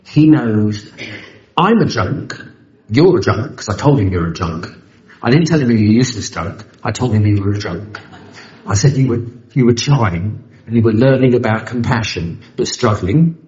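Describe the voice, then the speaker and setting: A London man at a recovery meeting shares a personal story in a convention hall, his fairly low, mellow voice animated and a little quick. He's blunt, swears, cracks jokes and acts out other people's voices. The live recording comes across slightly dull and lo-fi.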